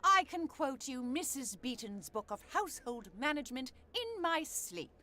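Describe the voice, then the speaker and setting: A haughty manor housekeeper. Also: female voice, high-pitched, very animated, normal speed, pushed and bright, heavily acted. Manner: formal, haughty, precise. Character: prim, proud female housekeeper of a manor. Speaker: game character.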